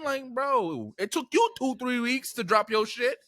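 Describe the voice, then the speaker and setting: A man co-hosting a podcast in casual, profane chat, swinging into high, excited outbursts. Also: measured pace, no room sound. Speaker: podcast co-host.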